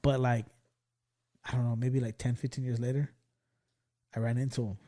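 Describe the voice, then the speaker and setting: A man in his forties hosting a podcast, telling stories in casual chat, swearing freely and loudly acting out what others said. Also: medium pitch, normal speed. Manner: animated storyteller, swears freely, acts out quoted lines loudly. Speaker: podcast host.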